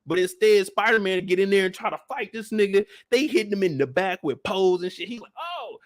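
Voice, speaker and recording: A man with a high-pitched voice tears into a comic rant, animated and exasperated, with frequent cursing. The sound is dry and close, with no room echo. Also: fast. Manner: animated, profane, exasperated storytelling. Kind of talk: comedic rant.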